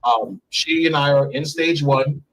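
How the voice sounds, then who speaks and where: A man in his thirties, recounting a story candidly and profanely in an interview, getting animated as he goes. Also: unhurried, creaky, a little hiss or hum, low-quality recording. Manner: animated, profane, climbs high when excited. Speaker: interview guest. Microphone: remote stream mic.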